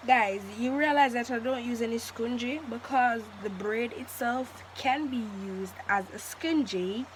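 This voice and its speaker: Slow-talking playful woman. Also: fairly high pitch, a little hiss or hum, poor audio. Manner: playful, jokey, laughs often. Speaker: vlogger. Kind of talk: casual hair tutorial chat.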